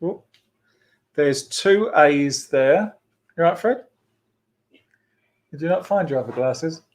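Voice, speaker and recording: A man's voice: a little high, animated, slow pace. Upbeat man hosting a kids' club. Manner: chatty and playful, with frequent laughs and fillers. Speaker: host of a children's church club. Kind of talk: casual online hosting for children.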